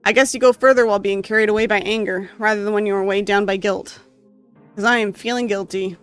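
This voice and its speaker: A gamer reading a story game's text aloud with emotional, expressive delivery and occasional asides. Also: mid-range voice, quick pace, clear, resonant tone, faint music behind. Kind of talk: dramatic reading of game text.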